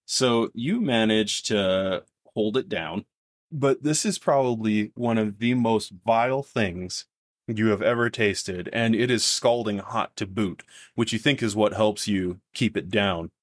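A man's voice: fairly low pitch, unhurried, dry recording, studio quality. A man narrating as game master in a tabletop game, with vivid, descriptive narration.

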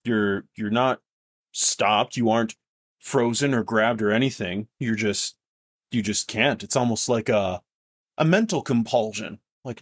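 Low-voiced casual male game master. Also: unhurried, dry recording, clean studio sound. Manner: casual, rambling with restarts and fillers. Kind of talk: narrating a tabletop game.

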